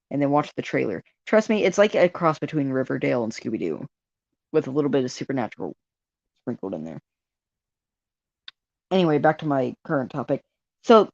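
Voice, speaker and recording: A woman's voice: sits low, a little mellow, no room sound. A woman hosting a casual ranting monologue at home, rambling and tossing out sarcastic jokey asides while laughing at her own jokes. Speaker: vlog host. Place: home room. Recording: dull dry lo-fi recording.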